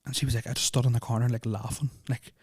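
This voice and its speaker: A man's voice: medium pitch, little pitch movement, fast, a little mellow, breathy edge, dry recording, clean studio sound. A young man, telling a personal story on a podcast in a rambling, nervous way, full of fillers and swearing. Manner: nervous, uneasy retelling. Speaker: podcast host. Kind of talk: casual storytelling of personal experiences.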